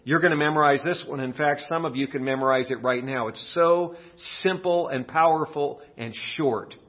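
A man preaching a sermon while getting over a cold, his voice sitting a little high. He tells his story with big acted-out exclamations. The recording is dull and lo-fi. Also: normal speed. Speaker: pastor.

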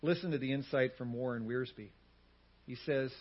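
A male pastor preaching a sermon, swinging from loud emphatic lines to hushed, quiet words. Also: mid-range voice, moderate pace, dull audio.

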